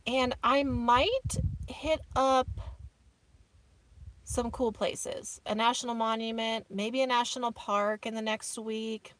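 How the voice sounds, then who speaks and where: A woman's voice: on the high side, steady tone, slow, fairly bright tone, slight background noise. Chatty woman vlogging from her van. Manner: chatty, reads viewer comments aloud, calls viewers "y'all". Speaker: vlogger hosting a live stream. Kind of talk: casual live-stream chat. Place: inside her minivan, camping off grid outdoors.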